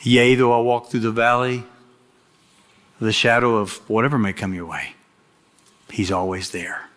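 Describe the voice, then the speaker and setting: A middle-aged man from Kentucky preaching a sermon, swinging from loud emphatic exhortation to slow hushed phrases, with folksy jokes for the congregation. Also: mid-range voice, fairly even intonation. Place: large church sanctuary. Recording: long hall reverb from a church sanctuary.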